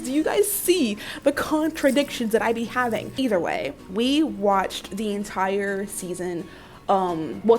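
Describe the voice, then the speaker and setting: Chatty young woman vlogger, animated. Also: fairly high pitch. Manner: chatty, animated, playful asides to viewers. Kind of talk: casual storytelling vlog.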